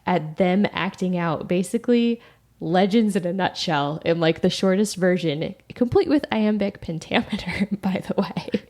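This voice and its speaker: Giggly woman with a gravelly edge. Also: on the low side, moderate pace. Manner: giggly, animated, often laughing while talking. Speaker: podcast co-host. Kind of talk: casual TV recap chat.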